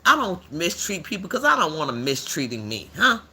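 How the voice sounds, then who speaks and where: Man playing blunt older lady streamer, bright voice, lively pitch, preachy and slangy. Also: fairly quick, slightly rough, heavily acted. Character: blunt older woman livestreamer, rough-edged. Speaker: livestream host. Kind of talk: livestream commentary.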